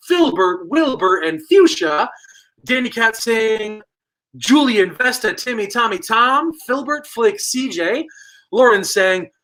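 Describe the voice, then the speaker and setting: Young male trivia host, high pitch, bright edge, goofy and quick with a joke. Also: low-quality recording. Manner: playful and jokey, rattling off viewer guesses. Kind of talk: livestream game hosting.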